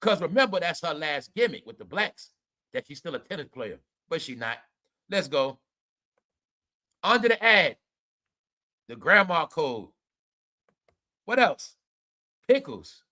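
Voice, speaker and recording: A man's voice: a little high, very animated, unhurried, long pauses, bright, forceful tone. A man hosting a commentary video, ranting animatedly at viewers in a profane, conspiratorial way. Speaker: commentary show host.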